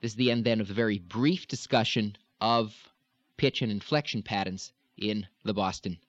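A man teaching accent patterns in a measured, explanatory lecture, stretching out sounds to demonstrate them. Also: lowish voice, no echo. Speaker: dialect coach. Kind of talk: instructional lecture. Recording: dull lo-fi dry recording.

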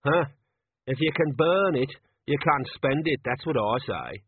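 A man's voice: mid-range voice, lively intonation, measured pace, a little hiss or hum, pitched above the performer's own voice, natural voice. A man voicing a blunt, dull-witted thug who scoffs, on a tinny, phone-like recording. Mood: scoffing. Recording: tinny phone-like dry audio.

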